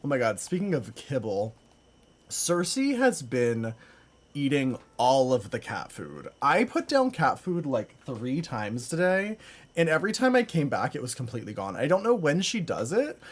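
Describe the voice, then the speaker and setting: A man's voice: medium pitch, huge pitch swings, moderate pace. A man live-streaming from home, chatting casually with viewers, rambling with lots of fillers and frequent laughs. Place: home room.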